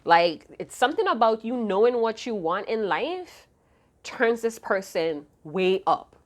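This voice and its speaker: A woman giving a casual tarot reading to her viewers, chatty and profane with lots of slang, her voice a little hoarse. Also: a little high, lively intonation, a little slow. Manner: chatty, slangy and profane, hums song snippets. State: slightly hoarse, losing her voice. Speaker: tarot card reader.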